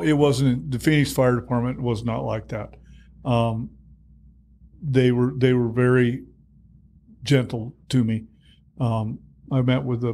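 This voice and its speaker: A man in his sixties, a retired fire captain, telling stories in an interview, animated and quick to laugh. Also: mid-range voice. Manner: animated storyteller, acts out dialogue, laughs often. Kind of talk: storytelling in a podcast interview.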